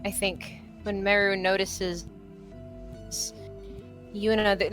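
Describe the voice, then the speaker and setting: A woman player describing her character's actions in a tabletop game, hesitant and full of pauses. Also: medium pitch, a bit bright. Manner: hesitant, many ums and restarts.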